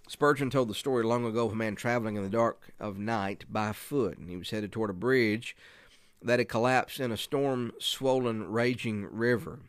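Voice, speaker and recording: A man's voice: fairly low pitch, moderate pace, smooth, no echo. A man teaching other preachers in an earnest, emphatic way. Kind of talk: preaching instruction.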